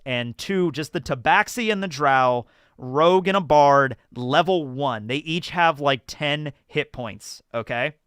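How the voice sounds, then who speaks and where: Animated man recounting a tabletop session. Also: fairly high pitch, clear, resonant tone, no room sound, studio quality. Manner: rambling, animated, acts out voices of players. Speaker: streamer, dungeon master. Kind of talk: casual livestream storytelling.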